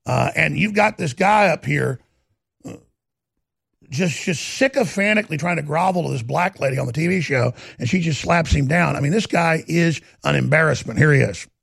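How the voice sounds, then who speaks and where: A man hosting ranting political commentary, indignant and rambling, and shouting at times. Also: a little high, moderate pace, vocal fry, husky, no echo, studio quality.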